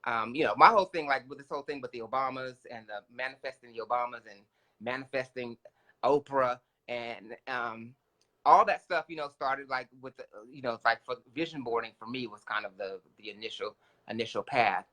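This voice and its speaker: A man's voice: mid-range voice, brisk, sharp tone. A man co-hosting a casual talk show, speaking in a reflective, spiritual, conversational way. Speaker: co-host.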